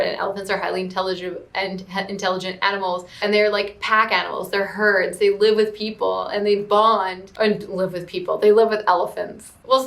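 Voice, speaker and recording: A woman talks through a movie's plot in a loose, rambling way, peppering everything with "like". She is mid-pitched and now and then jumps into excited squeals. She is recorded at home in a room with a noticeable echo. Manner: rambling, heavy use of "like", sudden excited squeals. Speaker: movie reviewer. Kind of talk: casual chatty film recap.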